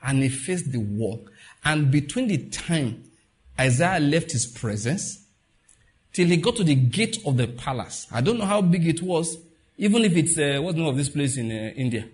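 A male pastor giving a sermon in a loose, conversational way, laughing as he retells stories and acting out the voices he quotes. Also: fairly high pitch.

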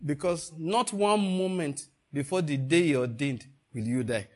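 A middle-aged male preacher giving a sermon, swinging between hushed emphasis and loud bursts, laughing often. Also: on the high side, lively intonation, measured pace, few pauses.

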